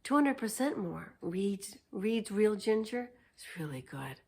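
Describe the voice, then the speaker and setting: Woman vlogger, casual unscripted storytelling, unhurried and chatty, laughs often. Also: medium pitch, big pitch swings, darkish tone, slightly rough.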